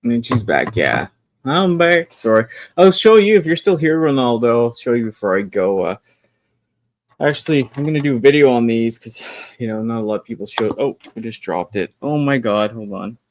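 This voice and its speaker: A man hosting a casual livestream, chatting about his toys in an animated, talkative way, laughing often and swearing now and then. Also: mid-range voice, moderate pace, slight background noise. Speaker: livestream host.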